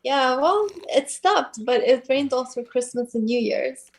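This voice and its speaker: A woman, a band singer, guesting on a casual livestream interview, relaxed and laughing softly. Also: high-pitched, a little slow, breathy edge.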